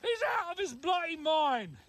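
A man's voice: very high-pitched, animated, normal speed, a bit bright. A man outdoors in wind and snow, voicing a grumbling character who calls himself Uncle Colin in a put-on British-style voice, ranting to the camera and calling everyone mate. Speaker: video maker.

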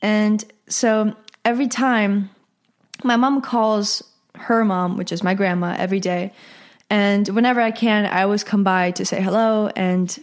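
A woman's voice: mid-range voice, steady tone, measured pace. A teenage girl hosting her own podcast, talking casually in a chatty, rambling way with asides and self-corrections. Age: teens. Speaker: podcast host. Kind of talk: casual solo podcast chat.

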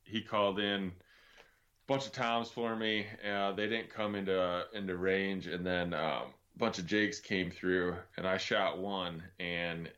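A man's voice: low voice, fairly even intonation, a little slow, fairly bright tone. A man who is a guest in a casual chat, talking in an easygoing, self-deprecating way. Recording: slightly dull lo-fi sound.

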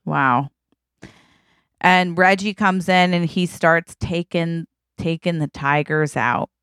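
A woman's voice: fairly low pitch, fairly even intonation, slow, a bit bright, clear, resonant tone, no room sound. A woman co-hosting a podcast, telling a story in casual chat, laughing often and acting out what people said. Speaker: podcast co-host.

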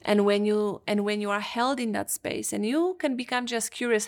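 A woman's voice: medium pitch, moderate pace, few pauses. A woman hosting a podcast, giving an earnest, emphatic motivational talk as a coach and acting out her clients' words.

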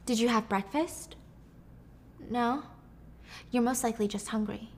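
A woman playing a doctor, soft, hesitant, measured. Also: fairly high pitch, a little hiss or hum, natural voice. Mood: calm. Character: calm doctor delivering news, hesitant.

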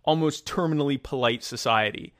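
A man in casual political chat, rambling and sarcastic, with many halting restarts. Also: mid-range voice, fairly bright tone, no echo, studio quality.

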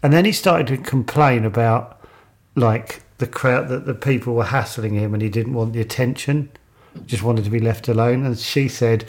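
Man, casual podcast chat, laughs often, mid-pitched voice. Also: normal speed. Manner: laughs a lot while telling anecdotes.

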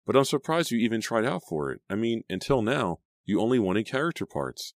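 A man's voice: fairly low pitch, very animated, a little fast, no echo, pitched above the performer's own voice. Male reader doing a nervous teen girl, earnest, dry close audiobook sound. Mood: worried, earnest. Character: anxious teenage girl, aspiring actress. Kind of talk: audiobook character reading.

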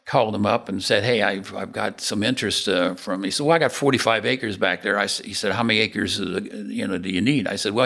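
A man's voice: on the low side, creaky, a bit bright. An older man, a developer and podcast guest, telling rambling stories of his career and acting out old conversations. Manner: rambling anecdotes, acts out dialogue. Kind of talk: casual storytelling interview.

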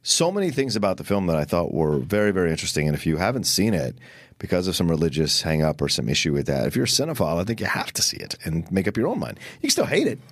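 Animated man in dry close-miked talk. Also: low voice, quick pace, no echo. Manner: animated, enthusiastic, talks in bursts with restarts. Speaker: podcast co-host. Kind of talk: casual film discussion.

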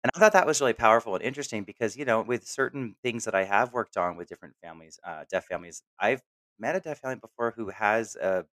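Low-voiced guy riffing fast on a movie podcast, acts out the quotes, laughs a lot. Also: no echo. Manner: animated, acts out quoted lines, laughs often. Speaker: podcast co-host. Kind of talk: casual film discussion.

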